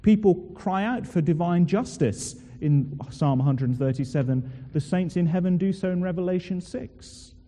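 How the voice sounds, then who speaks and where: Preacher with a dark voice in a hall. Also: male voice, high voice. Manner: rhetorical questions, slow emphatic stresses. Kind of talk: sermon. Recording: long reverb of a large hall.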